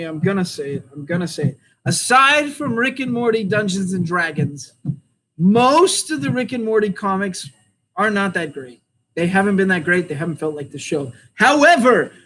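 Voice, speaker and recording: High-voiced opinionated American man. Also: fairly bright tone, rough recording. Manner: opinionated, rambling, laughs often. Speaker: comic shop owner reviewing comics. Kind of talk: casual chat review.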